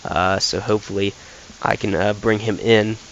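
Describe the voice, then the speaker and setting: A man's voice: fairly low pitch, level tone, moderate pace, creaky, slight background noise, rough recording. An American man giving casual commentary over a football career-mode game, thinking aloud with frequent fillers. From United States. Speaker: gaming YouTuber.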